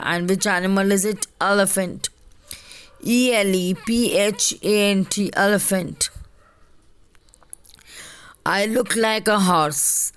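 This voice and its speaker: A woman teaches a children's class at an unhurried, deliberate pace. Her voice is smooth and clear, and she spells words out letter by letter for her pupils. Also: medium pitch. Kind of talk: recorded online class for children.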